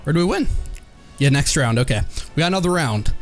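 A young man giving live, excitable and profane commentary while he plays a shooter game, trash-talking the enemy players. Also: fairly high pitch, quick pace, soft background music. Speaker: gameplay commentator.

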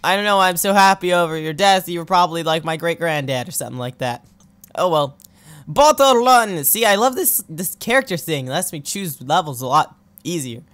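A gamer host giving let's play commentary, excitable, yelping and laughing at deaths and talking to the characters on screen. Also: mid-range voice, a little fast, faint music behind. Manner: playful, talks to the game characters. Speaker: gaming channel host.

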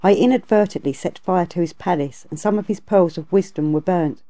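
A woman's voice: on the low side, fairly quick, dark tone, close to an everyday voice. A woman voicing a desperate young male dragon prince in a storybook reading, speaking in an earnest, pleading way.

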